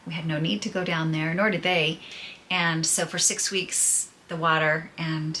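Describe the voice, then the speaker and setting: Chatty middle-aged woman vlogger, candid storyteller, bright and lowish voice. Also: little pitch movement, a little slow, a little hiss or hum. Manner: chatty, candid, laughs through hard news. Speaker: podcaster and vlogger. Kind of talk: casual personal storytelling to viewers.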